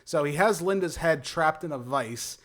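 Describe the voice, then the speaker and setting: A man's voice: fairly high pitch, expressive, normal speed, fairly bright tone. Enthusiastic young man reviewing movies. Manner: enthusiastic, swings into showy announcer lines. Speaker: movie review show co-host. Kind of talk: casual movie review chat.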